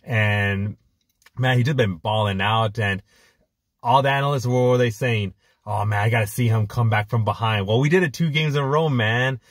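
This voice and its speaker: A man co-hosting a fan podcast, talking in an excited, rambling way with lots of filler words. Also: medium pitch, moderate pace, no echo, studio quality. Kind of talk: casual chat.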